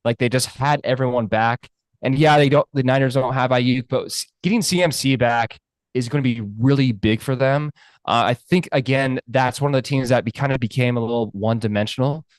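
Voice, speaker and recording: A man co-hosting a sports podcast, chatting about football in a relaxed way with plenty of fillers. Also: mid-range voice, a little fast, no echo. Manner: relaxed, lots of fillers and likes. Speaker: podcast co-host. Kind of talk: casual sports chat.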